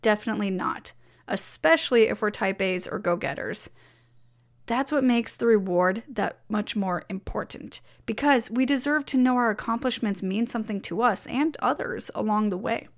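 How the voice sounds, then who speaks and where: A woman's voice: mid-range voice, normal speed. A woman reading her weekly blog memo aloud as a personal letter, upbeat and encouraging.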